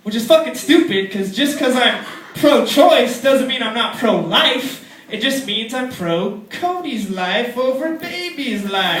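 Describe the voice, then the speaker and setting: A young man in his twenties doing a crude, rambling stand-up routine in a comedy club, often slipping into squeaky put-on voices. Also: lively intonation, measured pace, slight background noise. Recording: echoey club with loud crowd, distant mic.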